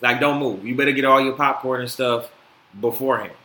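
A man hosting a casual solo podcast, animated and swearing freely with many fillers. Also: medium pitch, fairly quick. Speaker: podcast host. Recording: echoey room, faint noise.

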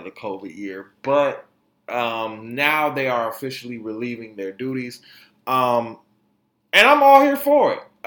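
Animated joking man, echoey room. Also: on the high side. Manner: animated, joking, laughs often, slang-heavy. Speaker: podcast host. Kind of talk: casual opinion commentary on celebrity news.

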